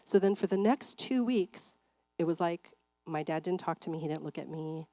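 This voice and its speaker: Woman speaker at a church seminar, lowish voice, chatty storytelling full of fillers, dry close sound. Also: normal speed, mellow, no room sound. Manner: conversational, frequent filler words. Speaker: seminar speaker and clinical psychologist.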